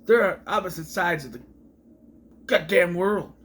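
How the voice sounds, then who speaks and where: A man's voice: sits high, unhurried, a bit bright. A man giving a casual, opinionated movie review, ranting with sarcastic and exasperated asides.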